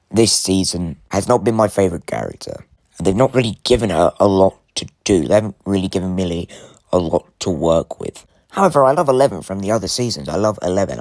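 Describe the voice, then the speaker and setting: A man with a low voice talks straight to camera about a TV finale, gushing and rambling in quick bursts that often restart mid-thought. The recording is close and dry, with no room sound around him. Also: a little mellow, no room sound. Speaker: TV show reviewer. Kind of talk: casual spoiler review to camera.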